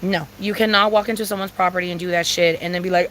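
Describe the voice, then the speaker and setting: A young woman, venting in a fired-up, swearing rant that circles back on itself. Her voice is bright and forceful, with a faint hum of background noise behind it. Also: lowish voice, fairly even intonation, fast. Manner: heated, profane, repetitive ranting. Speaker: vlogger. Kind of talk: casual rant to camera.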